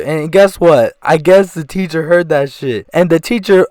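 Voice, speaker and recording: A man's voice: fairly high pitch, moderate pace, dry recording. A young man casually telling a storytime tale, rambling and swearing a lot. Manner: profane, rambling, animated retelling. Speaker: storytime vlogger.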